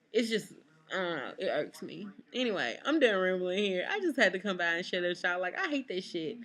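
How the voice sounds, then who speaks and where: A woman's voice: lowish voice, fairly bright tone. A young woman, ranting to camera in a casual vlog, blunt and exasperated, swearing freely. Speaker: vlogger.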